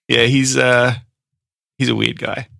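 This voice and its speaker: Man, podcast co-host, bright tone, dry close sound, animated, laughs and swears. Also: medium pitch, vocal fry, no echo. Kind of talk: casual chat.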